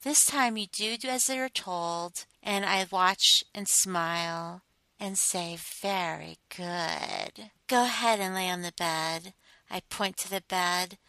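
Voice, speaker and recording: Woman narrator for a second-person role-play; unhurried, teasing and commanding. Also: medium pitch, bright, forceful tone, no echo. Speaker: adult audio narrator.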